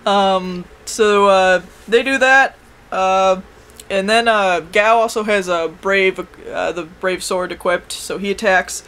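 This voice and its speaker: A woman recapping an episode in casual chat, rambling with many fillers and quick put-on character voices. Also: mid-range voice, a bit bright. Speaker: co-host reviewing an anime episode.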